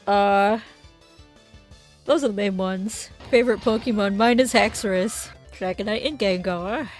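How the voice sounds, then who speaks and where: A young woman streamer in casual chat while playing, giggly and animated, swearing freely. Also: medium pitch, measured pace, faint music behind.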